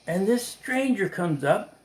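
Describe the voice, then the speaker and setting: Male Bible study host, unhurried delivery, very lively intonation, playful. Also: high-pitched. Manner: animated, laughing, acting out quotes. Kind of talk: casual live Bible study.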